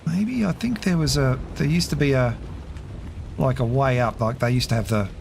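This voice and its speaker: A middle-aged man, casually commentating a game on a live stream, chatty and quick to laugh as he thinks aloud. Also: mid-range voice, creaky, darkish tone, slight background noise.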